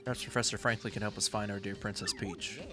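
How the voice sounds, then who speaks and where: A man voicing a jolly, genteel gentleman, chummy in manner, with faint music behind. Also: on the low side, fairly even intonation, fast, natural voice.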